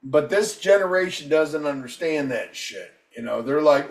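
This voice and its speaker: Profane ranting man, high voice, echoey room. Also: normal speed, far from the mic. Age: 50s. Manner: profane, combative, heated ranting. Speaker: podcast co-host. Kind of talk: casual podcast rant.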